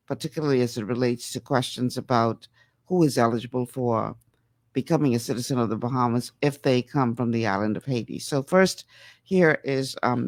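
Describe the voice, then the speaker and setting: A woman's voice: very deep voice, no room sound. A woman hosting an educational class, explaining what viewers will hear next. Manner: explanatory, setting up a clip for viewers. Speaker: host of a constitution class.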